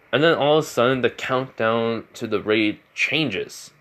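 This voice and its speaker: A man's voice: mid-range voice, normal speed, fairly bright tone. A young man improvising a fan fiction story aloud, rambling with many fillers and restarts.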